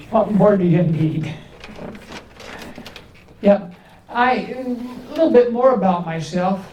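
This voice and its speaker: An older man works through a stand-up set at an unhurried pace, pausing before each punchline. His voice rings through a large, echoey hall. It is picked up from far off, with a faint hiss underneath. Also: sits high, darkish tone, dull audio. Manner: slow one-liners with pauses before punchlines. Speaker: stand-up comedian. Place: large indoor event hall. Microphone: distant camera from the back of the room.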